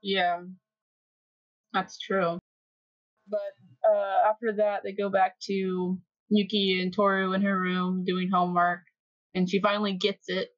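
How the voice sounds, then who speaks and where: A podcast co-host, this woman casually recaps episodes and animatedly acts out the characters' lines. Her voice is mid-range and unhurried, and the recording is muffled but free of echo.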